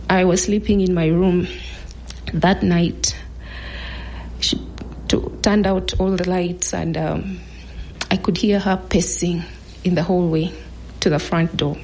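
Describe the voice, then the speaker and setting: A woman in her thirties telling a personal story in an earnest, measured way, now and then dropping to a hush. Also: on the low side, steady tone, a little hiss or hum.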